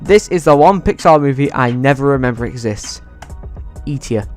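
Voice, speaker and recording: Excitable male vlogger, casual and foul-mouthed, smooth mid-pitched voice. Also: normal speed, soft background music. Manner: excitable, swears freely. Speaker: YouTuber. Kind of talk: casual movie ranking vlog.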